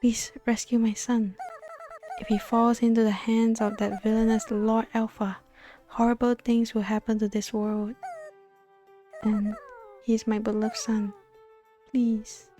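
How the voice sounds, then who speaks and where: A woman's voice: a little high, flat delivery, measured pace, pauses often, warm tone, soft background music, close to an everyday voice. A woman voicing a gracious, worried cat queen in a game, formal and pleading.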